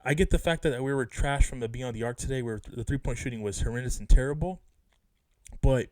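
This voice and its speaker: A man's voice: medium pitch, moderate pace, a little mellow, no echo. A man venting as a sports fan vlogger, speaking emphatically and repeating himself in a casual, frustrated rant. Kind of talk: casual rant about a basketball game.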